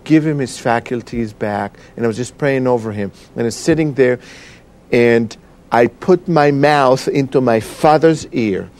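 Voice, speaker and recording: A man tells a personal story in an interview, pausing often and searching for his words. His voice sits at a middle pitch, and his delivery is earnest and full of feeling. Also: a little mellow. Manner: halting, emotional storytelling with many fillers. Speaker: guest. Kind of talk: personal testimony.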